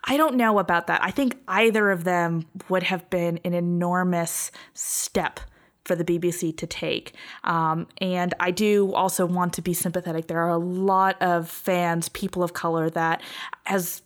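A woman's voice: lowish voice, steady tone, measured pace. Effusive woman podcast co-host. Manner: effusive, gushing. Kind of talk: casual chat.

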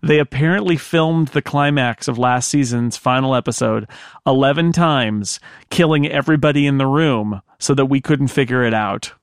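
A man co-hosts a casual podcast, reading listener mail and trading opinions with his partner. His voice has a gravelly edge and sounds close and dry, with no room around it. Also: medium pitch, moderate pace, no echo. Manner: animated, mimics accents when quoting.

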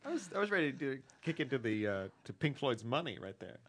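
A man's voice: medium pitch, very animated, quick pace, a bit bright, slight background noise. A man co-hosting a casual podcast, making dry asides and reading listener mail. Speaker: podcast co-host. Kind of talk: casual chat.

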